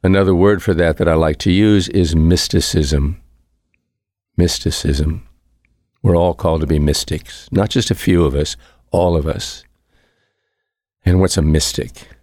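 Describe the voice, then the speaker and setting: A man's voice: sits low, steady tone, measured pace, pauses often, a little mellow, no echo, clean studio sound. A male priest delivering a conversational homily, reflective in tone and repeating his key phrases for emphasis.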